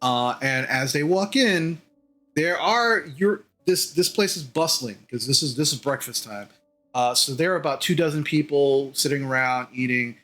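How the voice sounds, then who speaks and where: A man's voice: on the high side, expressive, moderate pace, pushed and bright, soft background music. A man narrating a tabletop game as game master, hesitant with many fillers.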